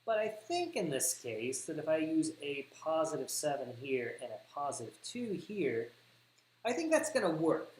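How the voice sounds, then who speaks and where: A man with a Southern US accent teaching algebra on a livestream, thinking aloud, correcting himself and repeating words for emphasis. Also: fairly high pitch. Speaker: math teacher. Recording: echoey room with faint hiss.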